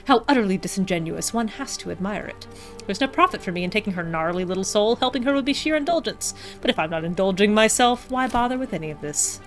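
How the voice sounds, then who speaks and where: A woman's voice: medium pitch, expressive, fast talker, soft background music. A woman streaming a video game, reading its text aloud with wry, chatty asides.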